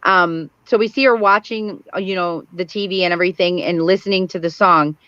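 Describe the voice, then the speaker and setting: A woman's voice: fairly low pitch, fairly even intonation, brisk, bright, forceful tone, clear, resonant tone, dry recording. A woman co-hosting a casual chat, walking through a plot step by step with frequent ums. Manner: methodical narrator with frequent ums. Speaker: co-host. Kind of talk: casual chat recapping a TV episode. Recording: dull lo-fi stream audio.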